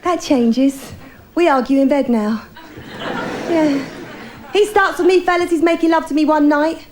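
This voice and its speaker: A woman performing live stand-up with a bawdy, confiding edge, talking straight to the audience. Her voice sits high, and a faint crowd and room noise hum behind her. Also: a little slow, darkish tone. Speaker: stand-up comedian.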